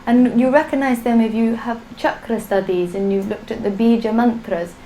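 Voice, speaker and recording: A woman's voice: fairly high pitch, fairly even intonation, normal speed, dark tone, a little hiss or hum, poor audio. A woman teaching a live online language class, drilling sounds patiently for students to repeat. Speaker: Sanskrit teacher.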